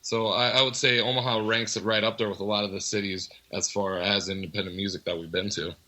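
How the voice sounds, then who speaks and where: A man, a rock band member, chatting casually as a guest in an interview, relaxed and rambling with lots of fillers. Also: fairly low pitch, fast, low-quality recording.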